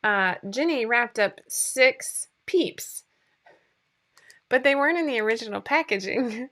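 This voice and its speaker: A woman's voice: on the high side, lively intonation, a little slow, fairly bright tone. A woman in her forties hosting a casual livestream chat from home, rambling and laughing often, sometimes teary. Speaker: livestream host.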